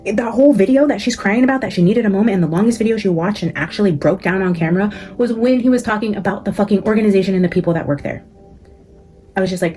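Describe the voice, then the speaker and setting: A woman's voice: medium pitch, fast talker, dark tone, faint music behind. A woman hosting her psychic channel, venting to her viewers in casual, profane commentary, full of "like" and "guys". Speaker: psychic vlogger, channel host.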